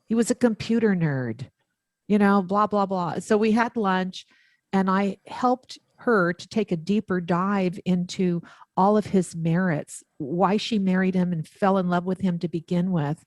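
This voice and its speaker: Animated woman storyteller, dry sound. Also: lowish voice, a little slow, no room sound. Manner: animated, enthusiastic storyteller acting out dialogue. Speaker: author and letter writer, guest. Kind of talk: interview storytelling.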